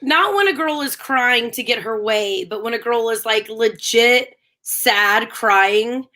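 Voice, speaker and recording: Female co-host, bright and a touch high, chatty and giggly. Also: slow. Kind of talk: casual chat.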